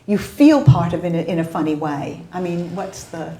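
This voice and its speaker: A woman interviewing an author at a bookshop event, asking questions in a hesitant, halting way. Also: on the low side, mellow, reverberant. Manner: hesitant, many fillers and restarts.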